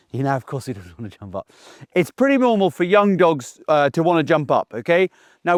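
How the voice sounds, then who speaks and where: Talking straight to the camera, a middle-aged man who trains dogs delivers instructions in a slightly high voice, assertive and plain-spoken with a down-to-earth manner. He often checks in by asking "okay?", recorded with clean studio sound and no echo.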